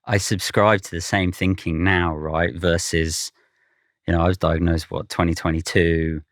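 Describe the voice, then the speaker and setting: A man hosting an interview, speaking in a measured, thoughtful way. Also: deep voice, level tone, no echo, clean studio sound. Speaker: interview host. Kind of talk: conversational interview.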